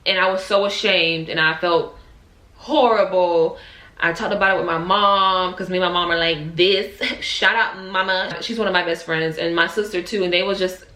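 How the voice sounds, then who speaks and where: A woman's voice: fairly low pitch, steady tone, normal speed, bright, forceful tone, reverberant. A young adult woman, candidly telling an emotional personal story in a vlog. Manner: emotional, candid, Southern-tinged slang. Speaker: vlogger.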